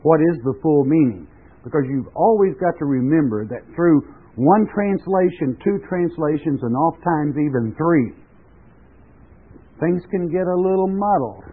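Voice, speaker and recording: A man's voice: a little high, animated, unhurried, slightly rough. An older man preaching a sermon in a folksy, storytelling way, chuckling now and then as he talks. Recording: tinny phone-like radio broadcast.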